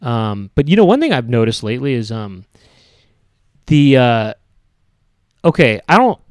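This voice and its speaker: A man's voice: medium pitch, big pitch swings, a little slow, darkish tone, clear, resonant tone, dry recording. A man hosting a solo podcast, talking in a meandering, hesitant way with wry complaints about everyday habits. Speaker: podcast host. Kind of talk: rambling solo podcast monologue.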